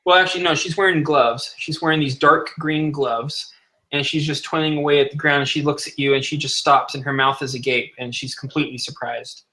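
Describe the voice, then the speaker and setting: A man's voice: fairly high pitch, steady tone, a little fast, sharp tone, rough recording. A man narrating as game master of a tabletop game, describing scenes in a loose, rambling way.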